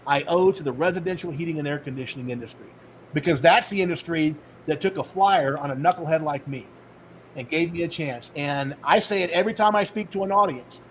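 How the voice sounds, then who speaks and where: A middle-aged man in a podcast interview spins his story in an animated way and acts out the voices of the people in it. His voice sits a little high for a man, with a faint hiss behind him. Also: poor audio. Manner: animated storyteller acting out dialogue. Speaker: podcast guest, author and speaker.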